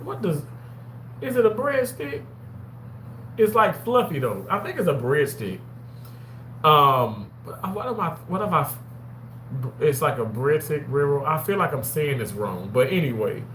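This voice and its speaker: A fairly high-voiced man talks casually to his stream audience, rambling from one thought to the next and jumping up into loud, excited bursts. His voice sounds roomy, with faint background noise behind it. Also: a little slow. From Mississippi. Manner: animated, rambling, swings into loud excited outbursts. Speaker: vlogger reading live chat. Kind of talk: casual live-stream chat. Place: outdoors on a walk.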